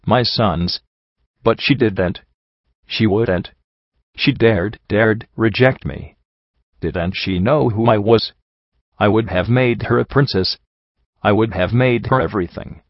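A deranged, rotting ghoul stallion prince, as a male reader puts him on, speaking grandly in a booming, boiled-sounding voice pitched low, then erupting into screams. The dry, slightly muffled recording keeps him close and dull. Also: slow pace, long pauses, no echo. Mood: raging.

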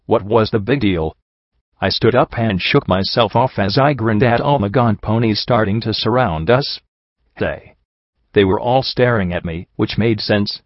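Low-voiced man reading a story aloud. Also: no room sound, dull audio. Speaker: audiobook narrator. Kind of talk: first-person fan fiction reading.

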